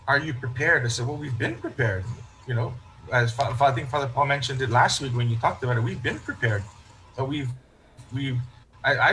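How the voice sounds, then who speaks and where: A man of medium pitch, a parish priest in a relaxed interview, recounting his experiences with an easy storytelling manner. He restarts his phrases often and slips into voicing the people in his stories. A faint noise sits behind him. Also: low-quality recording. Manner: storytelling, acts out quoted remarks, frequent restarts. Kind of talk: casual interview chat.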